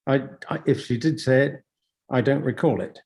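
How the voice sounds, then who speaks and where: A man's voice: medium pitch, moderate pace, a little mellow. A male appeal judge questioning counsel in court, probing and skeptical, pressing on points with pointed questions.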